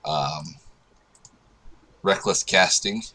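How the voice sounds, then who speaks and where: A man playing a tabletop game, explaining his moves step by step with frequent pauses. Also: low voice, sharp tone, no room sound, low-quality recording. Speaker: player. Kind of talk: casual game talk.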